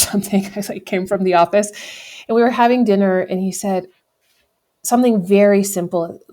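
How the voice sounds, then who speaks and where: A woman's voice: mid-range voice, mellow. A woman in her thirties from the United States, a podcast guest telling a personal story in a candid, reflective way, often correcting herself and laughing. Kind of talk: conversational storytelling.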